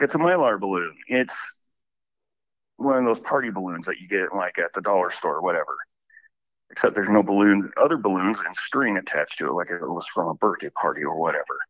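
A man calling in to a show, telling a story in a rambling, animated way. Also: sits low, no room sound. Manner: rambling, animated retelling with many "I'm like" asides. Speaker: caller. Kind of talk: casual storytelling. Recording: muffled phone call.

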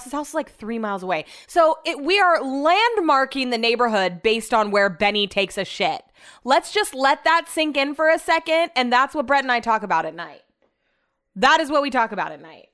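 A woman's voice: on the high side, lively intonation, moderate pace, fairly bright tone. A young woman hosting her own podcast, telling rambling, self-deprecating stories in a casual chat. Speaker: podcast host. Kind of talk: casual solo podcast monologue.

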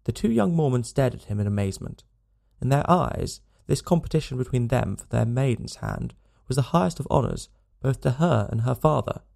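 A man narrating a classic story in a measured, dramatic audiobook reading. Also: mid-range voice, animated, creaky, a little mellow.

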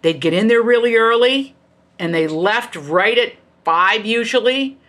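A middle-aged woman author, a guest in an interview, telling her stories in an emphatic, animated way with quick asides. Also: on the high side. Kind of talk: candid conversational storytelling.

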